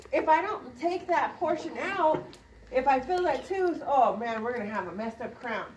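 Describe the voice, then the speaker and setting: A woman, a dental instructor, demonstrating a procedure to a class and quizzing students with quick questions. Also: high voice, distant mic, slight background noise. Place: clinic classroom. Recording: roomy sound from off-mic.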